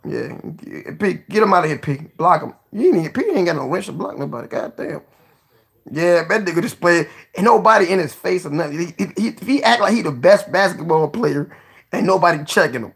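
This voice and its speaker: A man hosting a casual live stream, joking, cursing freely, laughing often and giving shout-outs to viewers. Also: high voice, animated, brisk, creaky, breathy edge.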